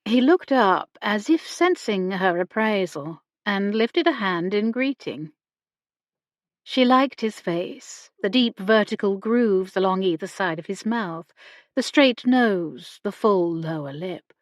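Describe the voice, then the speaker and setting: A woman narrates a novel at a very slow, measured pace. Her voice sits at a middle pitch. It is recorded dry and close, with no room sound. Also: expressive, dry recording. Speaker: audiobook narrator. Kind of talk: scripted narration.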